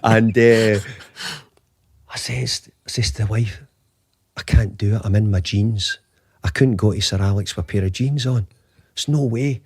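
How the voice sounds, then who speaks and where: A man's voice: fairly low pitch, measured pace, long pauses, husky, dry recording. A man in his fifties, a football manager guest, telling a long anecdote with lots of restarts and acted-out dialogue. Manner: animated anecdotes, acts out quoted dialogue, frequent restarts. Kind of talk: conversational storytelling.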